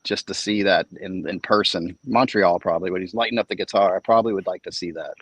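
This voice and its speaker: A man with a fairly low voice chats casually on a podcast. He asks curious questions and wonders aloud as he talks. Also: fast, a bit bright, slightly rough, no room sound. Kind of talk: casual chat.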